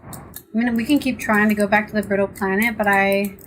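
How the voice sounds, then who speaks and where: A woman's voice: medium pitch, steady tone, brisk, soft background music, low-quality recording. An American woman streaming a game, chatting casually and rambling with sarcastic asides. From United States. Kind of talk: casual live-stream chat while playing.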